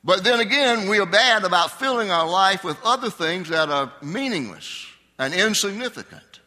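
A man's voice: high-pitched, lively intonation, moderate pace, sharp tone. An older man preaching a conversational Sunday sermon, asking his congregation questions. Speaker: pastor. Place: church sanctuary. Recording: long hall reverb.

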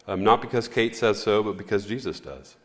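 Earnest low-voiced man preaching. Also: fairly even intonation. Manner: earnest, measured, with pauses and fillers. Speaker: pastor. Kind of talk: sermon. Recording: echoey hall reverb.

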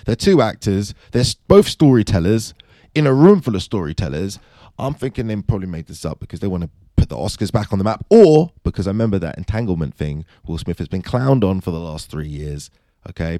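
A man vlogging, telling his theory in a chatty, animated way with many fillers. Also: fairly low pitch, no echo, studio quality. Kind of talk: casual commentary monologue.

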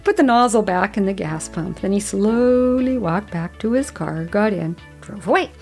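A woman in her late fifties speaks in a middle-pitched voice, talking casually and earnestly as she shares a personal story. She lands on gentle advice, and soft music plays faintly behind her. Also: moderate pace, creaky. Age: 50s. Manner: chatty, earnest, gently advising. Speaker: podcast host. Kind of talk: reflective solo storytelling.

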